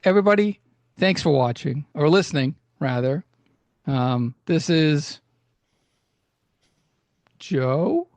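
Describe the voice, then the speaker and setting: A man's voice: a little high, takes it slowly, long pauses, a little mellow, no room sound. A man hosting a podcast in rambling, self-mocking casual chat. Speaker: podcast host.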